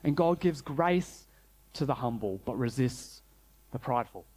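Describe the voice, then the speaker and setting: A man preaching a sermon, earnest, slowing down and dropping low to stress key phrases. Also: animated, darkish tone, husky. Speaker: pastor.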